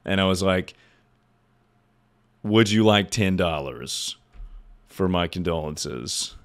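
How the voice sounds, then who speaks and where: A man in his twenties with a deep voice, a streamer rambling through stories in casual chat, swearing and laughing at himself. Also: lively intonation, takes it slowly, smooth. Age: 20s. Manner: rambling, profane storyteller who laughs at his own stories.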